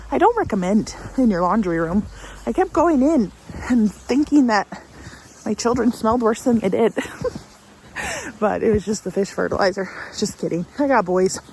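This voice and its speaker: A mid-pitched woman in her thirties chats to the camera outdoors on her snowy homestead. She has a cold and rambles casually, self-deprecating as she goes. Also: lively intonation, moderate pace, darkish tone, a little hiss or hum. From Central Oregon. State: has a cold, out of breath from trudging through snow. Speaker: homesteading vlogger. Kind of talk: casual vlog narration.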